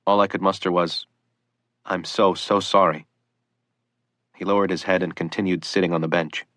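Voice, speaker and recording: A man narrating a photographer's first-person account for an audiobook, quiet and solemn. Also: low voice, level tone, moderate pace, no room sound, clean studio sound.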